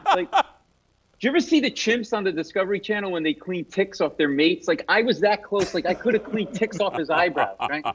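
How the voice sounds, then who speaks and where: A man telling a comic story as a guest comedian, animated and self-mocking. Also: sits high, fairly quick, highs cut off, slight background noise.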